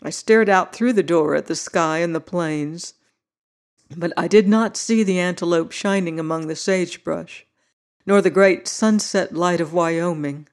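A narrator reads a classic novel aloud in a steady, measured way. The voice sits at a middle pitch, neither high nor low. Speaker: audiobook narrator.

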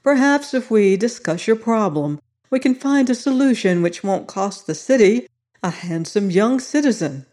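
A narrator voicing an old male sociologist, benign and softly insistent, in an audiobook reading. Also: medium pitch, expressive, normal speed, pitched above the performer's own voice, close to an everyday voice. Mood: calm. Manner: soft and insistent.

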